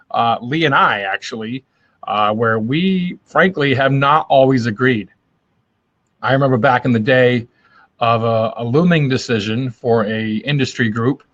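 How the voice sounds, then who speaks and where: A man's voice: mid-range voice, a bit bright, dull audio. Rambling man on a live stream. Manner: friendly, rambling, with many fillers and restarts. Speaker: host of a daily live video. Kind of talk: casual motivational live stream.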